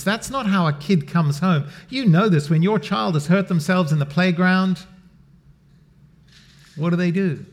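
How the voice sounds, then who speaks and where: Middle-aged pastor, fairly high voice, conversational sermon that drops to a near-whisper. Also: male voice, normal speed. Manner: conversational, swings from loud emphasis to near-whisper.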